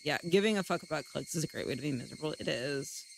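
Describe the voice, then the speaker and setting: A woman streamer rambles casually to her viewers, swearing freely and poking fun at herself. Her fairly low voice carries a gravelly fry and swings widely in pitch as she talks. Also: animated, quick pace, slight background noise, rough recording. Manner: rambling and self-deprecating, with frequent swearing; chats directly to her viewers. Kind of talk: casual live-stream chat.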